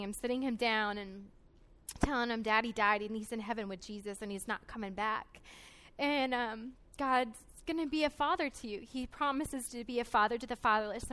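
A young woman shares her personal testimony from a conference stage. Her voice sits high and bright, and she speaks earnestly and emotionally, often pausing with "um" as she gathers herself. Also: clear, resonant tone. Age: 20s. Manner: earnest, emotional, frequent "um" fillers.

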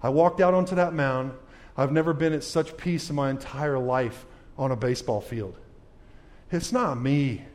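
A man, a former pitcher, giving a faith testimony talk to a live audience as an emphatic storyteller who questions the crowd directly, swinging from low, quiet moments to loud, fired-up ones. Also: moderate pace.

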